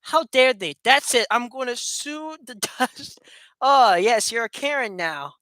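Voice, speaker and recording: A woman's voice: on the high side, expressive, a little slow, fairly bright tone, dry recording. A woman vlogging in a casual chat to her webcam at home, playful and rambling, laughing often and joking sarcastically. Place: room at home with a fast fan running.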